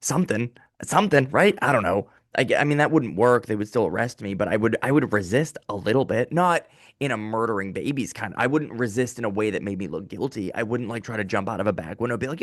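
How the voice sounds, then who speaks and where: Lively, profane, ranting comedian. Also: male voice, lowish voice, fast talker, dry recording, studio quality. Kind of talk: casual comedic monologue. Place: small rented office.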